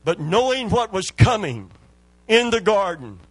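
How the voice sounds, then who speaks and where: A male preacher delivering a sermon, moving from hushed, drawn-out scripture lines to loud exhortation. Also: high voice, very animated, breathy edge, no room sound.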